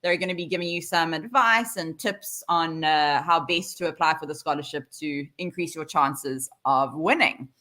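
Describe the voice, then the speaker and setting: A woman's voice: low-pitched, moderate pace, few pauses, pushed and bright. A middle-aged South African woman hosting a live online panel over a video call, chatty, with many fillers. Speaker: host.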